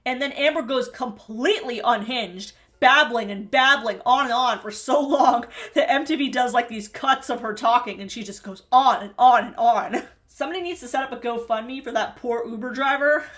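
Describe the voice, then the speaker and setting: Recapping a reality TV show, a woman with a fairly high, slightly bright voice chats at a moderate pace, snarky and laughing often as she comments.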